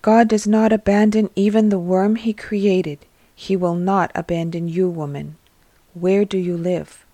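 A woman reading a gentle, calm healer. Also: high voice, no room sound. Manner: gentle, measured, firm. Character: calm, compassionate male teacher and healer.

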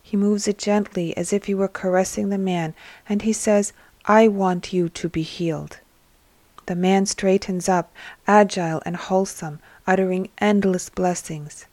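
A woman narrating a devotional story in a steady, measured reading voice. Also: medium pitch, no room sound.

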